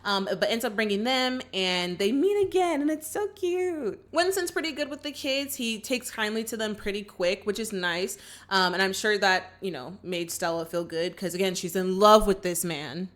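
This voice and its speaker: Speaking at a moderate pace with a medium pitch and barely any pauses, this young woman retells a film's story with lots of energy. She acts out what the characters say in her casual reaction video.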